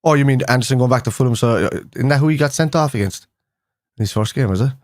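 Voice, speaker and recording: A young man hosting a fan live stream talks quickly in a medium-pitched voice, chatting informally with viewers and rambling with fillers and restarts. The audio is studio quality, without echo.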